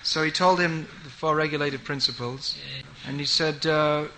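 A man giving a sermon, telling stories with humor and lively exhortation to an audience. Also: fairly high pitch, moderate pace, a little hiss or hum. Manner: storytelling, animated and humorous. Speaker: preacher.

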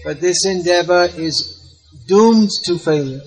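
A man with a fairly high, slightly mellow voice and a breathy edge speaks a little slowly, giving a spiritual philosophy talk as a devotional teacher. He patiently invites listeners into a call-and-response chant, repeating words for the crowd, on a low-quality recording.

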